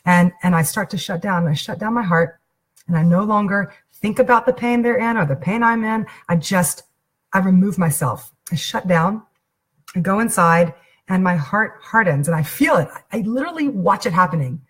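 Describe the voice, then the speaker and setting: A woman teaches in an earnest, intimate tone, her voice slightly husky and breathy at a middling pitch. She tells a personal story as part of the teaching and keeps circling back to rephrase her points. She is close to the mic on a clean recording. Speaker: spiritual teacher.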